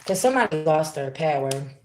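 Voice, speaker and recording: A woman's voice: low-pitched, animated, fast. A woman giving a live-streamed tarot reading, talking loosely and chattily straight to her viewers. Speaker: tarot reader. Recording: roomy echo with faint background noise.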